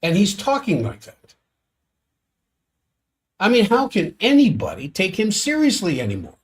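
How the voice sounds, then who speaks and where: A man's voice: sits high, wildly swooping pitch, moderate pace. A man hosting a solo world-affairs commentary stream, sardonic and exasperated as he reads out quotes and reacts.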